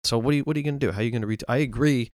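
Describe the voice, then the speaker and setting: A man's voice: medium pitch, rapid-fire, a little mellow, dry recording, studio quality. A man co-hosting a casual sports podcast, ranting with frustration and restarting his sentences. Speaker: podcast co-host.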